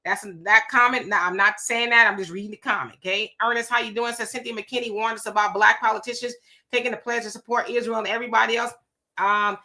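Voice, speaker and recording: A woman's voice: mid-range voice, sharp tone. A woman hosting a casual live stream, greeting viewers one by one and reading their comments aloud in loose vernacular talk.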